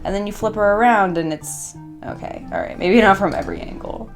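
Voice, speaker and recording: A woman's voice: medium pitch, fairly quick, gravelly, soft background music. A young woman chatting playfully to camera while arranging flowers at her home workstation, swearing casually and talking to herself. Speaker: craft vlogger.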